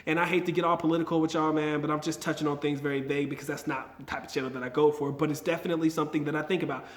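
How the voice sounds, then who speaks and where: A man vlogging casually to camera, slangy and emphatic, repeating his points for effect. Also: a little high. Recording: roomy echo.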